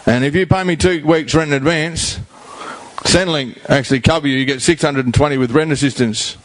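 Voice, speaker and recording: A man's voice: on the high side, a little fast. A middle-aged man with an Australian accent, speaking bluntly and emphatically at a community forum, repeating himself for effect in plain slang. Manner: blunt, emphatic, repetitive, colloquial. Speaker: rehab house founder speaking at a community forum. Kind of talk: blunt public talk.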